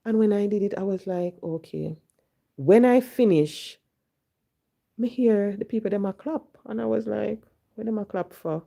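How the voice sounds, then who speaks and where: A woman's voice: mid-range voice, measured pace, vocal fry, warm tone. A woman from Jamaica with a Jamaican accent, telling a personal story and slipping into Patois when she quotes herself.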